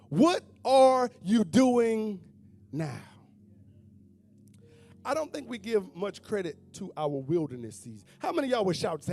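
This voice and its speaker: High-voiced preacher man, sing-song delivery. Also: sing-song, fairly quick, a little mellow. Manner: call-and-response preaching with sung, whooping phrases. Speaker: pastor. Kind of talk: preaching a sermon. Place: church sanctuary with congregation. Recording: faint instrument music behind.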